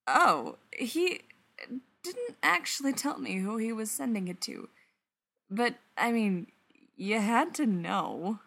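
Woman reading sleepy young father, yawning, mumbling, lively pitch. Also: takes it slowly, vocal fry, full character voice. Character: sleepy young man, a tired new father.

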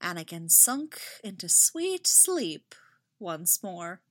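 A woman narrating a fan fiction story aloud with expressive delivery. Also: fairly low pitch, slow pace, no room sound, studio quality.

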